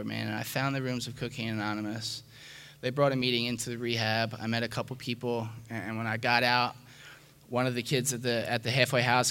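Guy sharing his recovery story, frank and self-mocking, bright voice, keeps saying man. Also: mid-range voice. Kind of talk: candid personal testimony.

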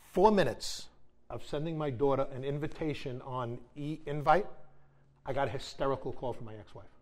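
A man's voice: mid-range voice, a little mellow. A middle-aged man giving a candid personal testimony at a recovery meeting, wry and blunt, with the odd swear word. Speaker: speaker sharing at a recovery meeting.

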